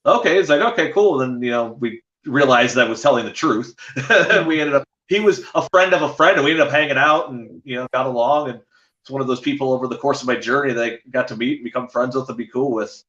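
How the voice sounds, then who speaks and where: A man's voice: mid-range voice, quick pace, a bit bright, reverberant, dull audio. A man, a podcast guest, rambling through casual stories with many fillers and restarts. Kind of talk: casual storytelling chat.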